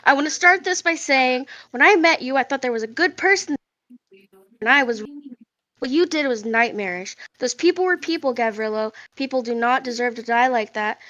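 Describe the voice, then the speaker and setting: A woman's voice: high-pitched, normal speed, no room sound, lo-fi sound. A woman reading out a furious young woman's warning letter. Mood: stern, threatening. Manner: read aloud at talking volume, not yelled.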